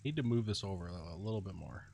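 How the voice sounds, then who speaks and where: A man's voice: deep voice, animated, fast talker, vocal fry, a little mellow, slight background noise. A young man with a soothing voice, chatting casually and jokingly with viewers while he plays a game. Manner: laid-back, joking, slangy. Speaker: live streamer.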